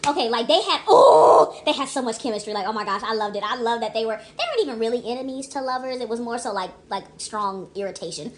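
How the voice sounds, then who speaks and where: A woman's voice: a little high, lively intonation, fast talker, hardly any pauses, a bit bright, slight background noise. Chatty young woman rambling a review. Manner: chatty, emphatic, many restarts and asides. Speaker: vlogger reviewing a movie.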